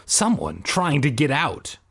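A man voicing an excitable young boy who shrieks when scared, with a husky voice. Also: fairly high pitch, takes it slowly, full character voice. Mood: nervous.

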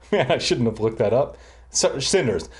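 A man's voice: mid-range voice, lively intonation, normal speed. A man reading a children's book aloud and breaking off into profane, self-mocking, rambling asides. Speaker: reader and commentator. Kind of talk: casual read-aloud with rambling commentary.

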